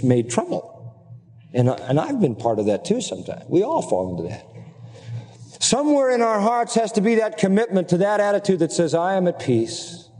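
A man with a dark, mid-range voice preaches to his congregation as their pastor, earnestly exhorting them and rattling off scripture references. The recording carries the long reverb of a large hall.

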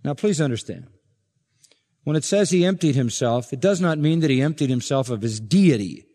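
A man preaching an expository sermon as pastor, emphatic and building to forceful points. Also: medium pitch, expressive, normal speed. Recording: long reverb of a large hall.

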